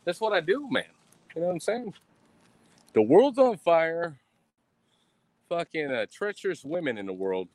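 A man's voice: on the high side, sing-song, normal speed, pauses often, darkish tone, no echo. A young man, ranting on a livestream in a boastful, profane, swaggering way. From Texas. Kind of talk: casual rambling livestream rant. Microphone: streaming mic.

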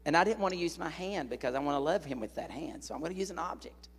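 A man preaching a sermon in a large church hall, an animated, joking storyteller speaking into a stage microphone. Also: a little high, quick pace, slightly rough.

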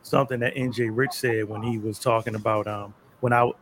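A man hosting a live talk show, chatting loosely with many fillers and shout-outs. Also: lowish voice, little pitch movement, fairly quick, slight background noise. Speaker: podcast host.

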